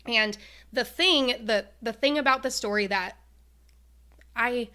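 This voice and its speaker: A woman's voice: fairly high pitch, slow, sharp tone, clean tone. A woman co-hosting a podcast in casual chat, retelling a story emotionally with many fillers. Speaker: podcast co-host.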